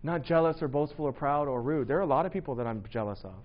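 A man's voice: on the high side, lively intonation, quick pace, highs cut off. A man preaching in a church, casual and self-deprecating, talking to his congregation. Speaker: pastor. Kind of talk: sermon. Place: church hall.

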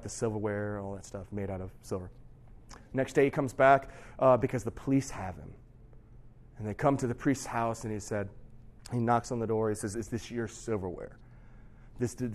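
A young man delivers a sermon in a relaxed, chatty way, speaking straight to his listeners. His voice sits a little high and rises in bursts of emphasis. For dramatic parts of a story he drops to a near hush. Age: young adult. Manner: conversational, addresses audience directly. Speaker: preacher.

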